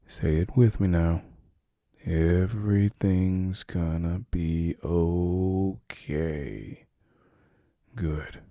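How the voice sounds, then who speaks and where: A man speaking softly and soothingly as a caring boyfriend in a whispered role-play. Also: lowish voice, no echo, clean studio sound. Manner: soft, slow, soothing reassurance.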